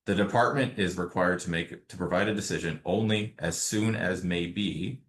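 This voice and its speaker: A man presenting a webinar on export law in a measured, explanatory way, working through slides one by one. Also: low voice. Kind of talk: prepared legal presentation. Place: remote setting, webinar.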